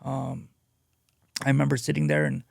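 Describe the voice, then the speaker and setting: A man sharing his addiction recovery story as a guest speaker. He talks in a halting, earnest way and leans on "you know" a lot. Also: medium pitch, completely flat delivery, gravelly, no echo, studio quality. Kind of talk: personal testimony, casual storytelling.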